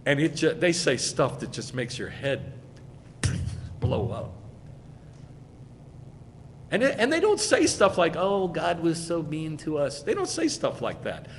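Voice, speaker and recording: A rabbi with an American accent preaches in a loose, conversational way, pressing hard on some phrases and dropping low on others. His voice sits a little high for a man. The hall leaves a long tail of reverb, with a faint rumble underneath. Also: huge pitch swings, slow, long pauses. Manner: emphatic, conversational preaching with wide swings in loudness. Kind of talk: sermon. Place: congregation hall.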